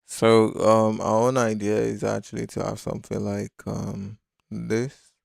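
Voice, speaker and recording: Man, slow unhurried pace, flat delivery, dry close sound, casual rambling live tutorial. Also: fairly low pitch, vocal fry, no echo. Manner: loose and meandering, thinking aloud with fillers. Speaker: design instructor.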